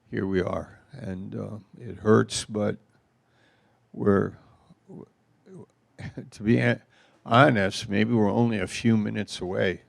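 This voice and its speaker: Slow gravelly-voiced man giving a church talk. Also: on the low side, no echo. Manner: rambling, emotional, laughs through stories. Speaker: pastor.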